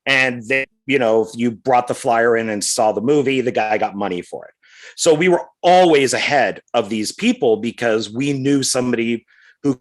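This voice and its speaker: A middle-aged man co-hosting a podcast, telling a rambling story in a casual, animated way. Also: medium pitch, moderate pace. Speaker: podcast co-host.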